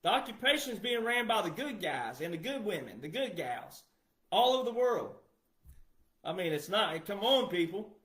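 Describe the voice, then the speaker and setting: Middle-aged man, high-pitched voice, emphatic and repetitive, talking right at viewers in a roomy space. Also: very animated, moderate pace, fairly bright tone. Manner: emphatic, repetitive, addresses the audience directly. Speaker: commentator. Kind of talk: casual monologue to viewers. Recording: echoey room.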